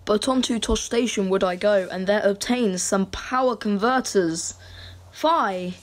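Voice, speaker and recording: A woman's voice: medium pitch, a little slow, lightly acted. A woman voicing a restless young male farm boy in an amateur verse audio drama, speaking earnestly. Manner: earnest, yearning verse delivery. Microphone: home computer mic.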